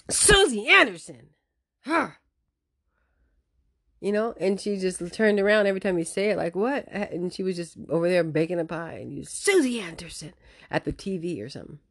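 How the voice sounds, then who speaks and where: A woman's voice: on the low side, dry recording, studio quality. A woman hosting a casual commentary vlog, talking emphatically and restarting her sentences often. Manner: emphatic, animated, with many restarts. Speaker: host.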